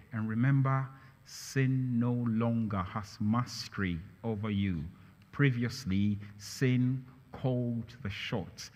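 In a large church hall with audible reverb, a man preaches as pastor, taking his time in a slightly mellow voice. He repeats phrases emphatically, rising in pitch and volume whenever he reaches a key line.

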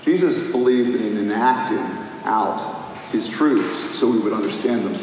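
A man preaching a sermon as pastor, swinging between impassioned shouting and hushed prayer. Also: on the low side, normal speed, distant mic, slight background noise. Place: church sanctuary. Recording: echoey hall, faint ambience.

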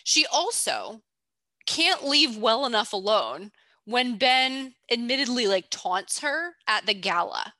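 A woman with a bright, forceful voice talks through a character analysis in casual podcast chat, playful and a little teasing. The sound is dry and close, with no room around it. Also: on the high side, very animated, takes it slowly, no echo. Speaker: podcast co-host.

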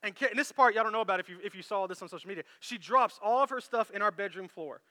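A man preaching a sermon as pastor, animated and storytelling, acting out quoted lines. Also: sits high, fast, long reverb tail.

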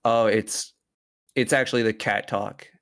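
A podcast host reads a horror story aloud casually and profanely, stopping now and then for side chatter and banter. His voice sits on the low side, steady and unhurried, with a fairly bright tone.

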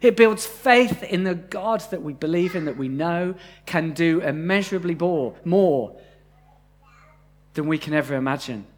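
Male preacher, high-pitched, easygoing delivery, live sermon with questions to the room. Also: unhurried. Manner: conversational, asks the congregation questions. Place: church, live congregation.

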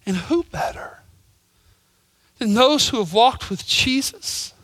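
A male pastor preaching a sermon, telling stories and swinging from loud emphasis to hushed whispers. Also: very high voice, lively intonation, slow, no echo. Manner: storytelling with voices.

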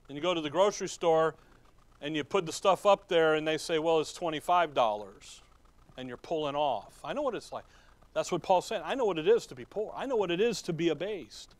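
Folksy preacher, high voice. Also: male voice, brisk, no echo. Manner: folksy, asks the congregation questions and chuckles. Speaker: pastor. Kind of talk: sermon.

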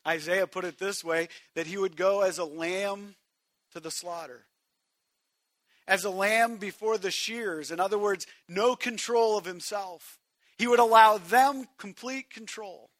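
A man preaching a sermon to a congregation, swinging from hushed, quiet passages to shouted emphasis and speaking directly to his listeners. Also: high voice, measured pace, no room sound. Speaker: pastor.

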